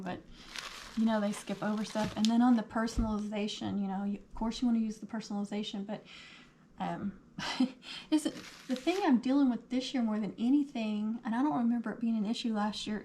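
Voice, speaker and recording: A woman hosting a casual craft livestream, her voice a little hoarse, chatting and answering viewer comments as she works. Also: fairly high pitch, mellow, slight background noise. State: losing her voice.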